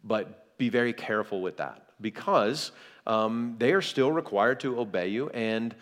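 Conversational pastor, middle-pitched man. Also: a little slow. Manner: conversational, frequent restarts and filler words. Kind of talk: church parenting class talk.

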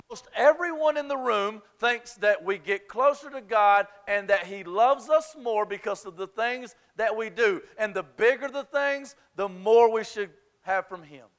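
A man's voice: high-pitched, measured pace, fairly bright tone. A man preaching a sermon as pastor, emphatic and conversational, shifting into a confessional tone.

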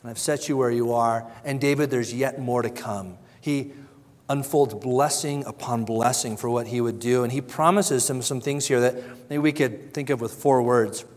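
A man's voice: mid-range voice, steady tone, moderate pace, darkish tone, in a large hall. A man preaching a sermon, earnest and conversational, who briefly acts out the voices of the people he quotes and often repeats his words. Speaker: pastor.

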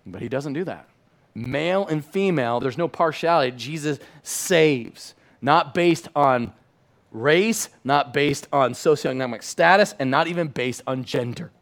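Animated, fairly high-voiced male pastor. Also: measured pace. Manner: animated, conversational preaching, swings from loud to hushed. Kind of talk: sermon.

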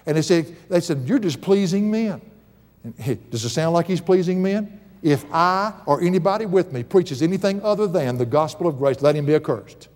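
A man's voice: on the high side, expressive, normal speed, darkish tone. A middle-aged man preaching a sermon in a church, emphatic and conversational, with folksy asides and humor. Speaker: pastor. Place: church sanctuary. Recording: long hall reverb.

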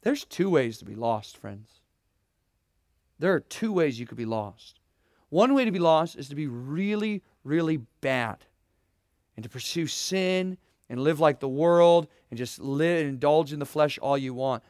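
A man's voice: on the high side, no echo, studio quality. A young man preaching a sermon, earnest and emphatic, asking rhetorical questions and addressing students directly. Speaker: pastor.

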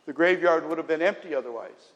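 Male pastor, slightly raised pitch, earnest sermon delivery with emphatic builds, long reverb. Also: fast, fairly bright tone, lo-fi sound.

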